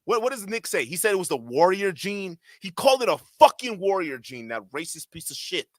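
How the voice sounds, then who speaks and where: A man's voice: sits high, big pitch swings, brisk, no room sound, studio quality. A man hosting a livestream, giving heated, profane commentary in a ranting manner. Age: adult. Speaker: streamer host.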